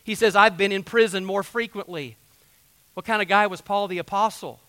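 Folksy high-voiced preacher. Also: male voice, steady tone, normal speed, pushed and bright, no echo. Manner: folksy, conversational preaching with asides. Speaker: pastor. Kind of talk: sermon.

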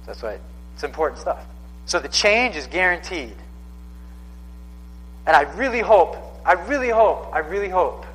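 A man's voice: sits high, lively intonation, moderate pace, long pauses, fairly bright tone. Conversational preacher man in a long-reverb hall. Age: 30s. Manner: casual, conversational preaching with repeated phrases. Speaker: pastor. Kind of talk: sermon.

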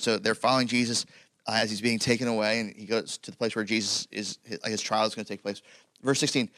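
A man's voice: lowish voice, steady tone, fast, pushed and bright, dry recording. A man preaching a sermon in a conversational way, with many fillers, building toward emphatic points. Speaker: pastor.

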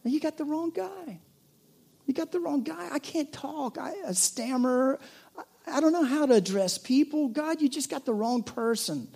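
A preacher voicing a panicky male prophet who pleads in a high, protesting voice that he cannot speak. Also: expressive, normal speed, vocal fry, a little mellow. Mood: pleading. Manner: high, protesting, stammering pleas.

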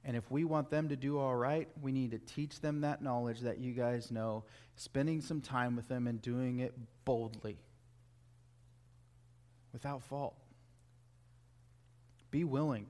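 A man's voice: mid-range voice, fairly even intonation, measured pace, long pauses, a little mellow. A man, a youth pastor, preaching a sermon in an earnest, emphatic way, repeating key phrases.

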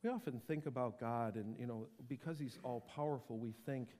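A man preaching a sermon, dropping to a whisper and building to loud, emphatic passages. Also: mid-range voice, fairly quick, big-room sound. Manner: dramatic swings from whisper to loud. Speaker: pastor.

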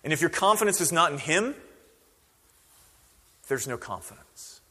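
A man preaching a sermon as pastor, conversational and animated, acting out quoted voices. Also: a little high, normal speed, breathy edge, in a large hall.

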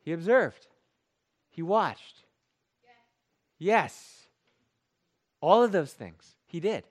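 A male pastor delivering a sermon in a relaxed, chatty way. His voice sits fairly high for a man and swings widely in pitch as he presses a point. He repeats key phrases for emphasis and pokes fun at himself with the congregation. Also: extremely slow. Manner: conversational, self-deprecating, jokey with the congregation.

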